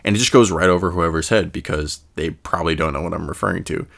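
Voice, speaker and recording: This young podcast host has a deep, creaky voice with a little brightness to it. Alone at the mic, he wanders through his thoughts with filler words and false starts, laughing frequently and dropping into brief impressions.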